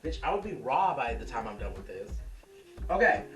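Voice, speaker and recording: A cooking show host chatting casually and profanely in a home kitchen, projecting loudly toward a camera's built-in microphone. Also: medium pitch, sing-song, normal speed. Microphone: camera's built-in mic. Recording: echoey room, distant camera mic, music.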